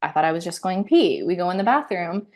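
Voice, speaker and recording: A woman in her thirties with a slightly low voice tells her own story in candid, conversational detail. She is animated, laughs often, and acts out her inner thoughts as she goes. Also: fast talker. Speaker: interview guest.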